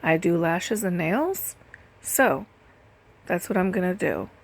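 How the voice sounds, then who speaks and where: Telling stories over a separately recorded voice-over, this nail and lash technician is chatty and casual, leaning heavily on "like" and "literally." Her fairly low voice is animated but slow, creaky, with a breathy edge.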